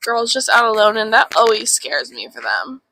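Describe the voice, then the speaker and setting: High, gravelly young woman, blunt. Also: very animated, normal speed, pushed and bright. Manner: blunt and emphatic, swears. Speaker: podcast co-host. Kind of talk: casual chat. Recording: noisy background.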